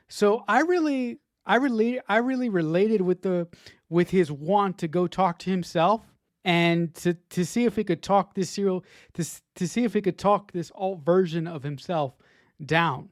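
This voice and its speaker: A man's voice: sits high, normal speed, no room sound, clean studio sound. A man co-hosting a podcast, giving his take on a TV episode in a casual, rambling way, often repeating words as he works out what he means. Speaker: podcast co-host.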